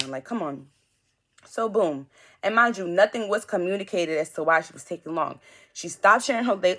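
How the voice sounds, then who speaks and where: Blunt young New woman. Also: lowish voice. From New York. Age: young adult. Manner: animated, blunt, slangy storytelling with acted-out quotes. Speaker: vlogger. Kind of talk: storytime vlog.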